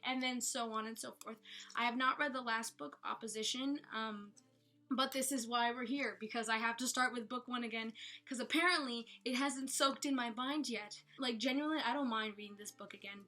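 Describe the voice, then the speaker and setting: A woman's voice: on the high side, sharp tone. A woman giving a casual, chatty book review at home. She rambles playfully and corrects herself as she goes. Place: room at home with bookshelves. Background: faint background music.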